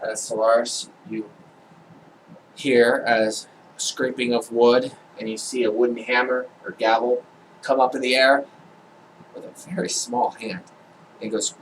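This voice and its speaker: A man narrating a tabletop role-playing game as game master, describing scenes slowly with frequent hesitations. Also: mid-range voice. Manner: slow, hesitant description with fillers. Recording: distant mic with faint background noise.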